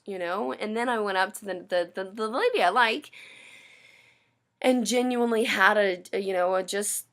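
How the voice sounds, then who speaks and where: In a personal vlog, a woman rants angrily to camera, bitter and sarcastic and swearing often. Her voice sits at medium pitch with a fairly bright tone, and she speaks at a moderate pace.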